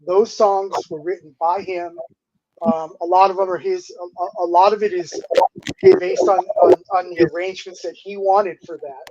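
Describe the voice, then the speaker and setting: A man around sixty, a guest musician telling stories in a casual interview, animated and laid-back, with lots of "dude" and "you know". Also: sits high, normal speed, dry recording. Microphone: remote streaming call. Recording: dull, slightly lo-fi dry audio.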